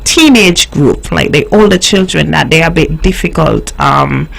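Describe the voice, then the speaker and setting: A radio host from Nevis, gently interviewing a guest and encouraging him with soft acknowledgements. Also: mid-range voice, expressive, moderate pace, vocal fry, slight background noise, rough recording.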